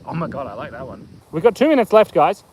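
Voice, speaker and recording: A middle-aged man with an Australian accent hosts a casual phone live stream from the bush, rambling, telling jokes and reading the chat out loud. He talks fast in a voice on the high side, a little mellow, with big pitch swings. There's a little hiss or hum in the low-quality recording.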